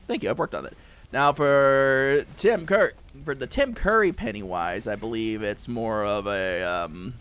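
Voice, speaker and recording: Animated young male streamer. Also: medium pitch, moderate pace, clear, resonant tone. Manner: animated, laughing, joking. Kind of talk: casual gaming stream chat.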